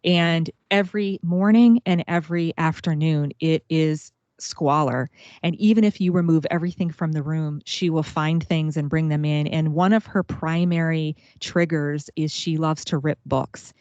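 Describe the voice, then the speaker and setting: A woman's voice: deep voice, steady tone, moderate pace, few pauses, a little mellow, no room sound. A woman hosting a faith-based talk show, speaking earnestly and reflectively about family struggles. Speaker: podcast host. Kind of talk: casual faith-based interview chat. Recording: dull, dry lo-fi sound.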